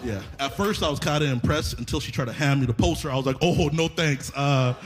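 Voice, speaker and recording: A man doing a stand-up set, chatty and conversational, slipping into quick impressions. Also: medium pitch. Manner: conversational, drops into impressions of others. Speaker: stand-up comedian.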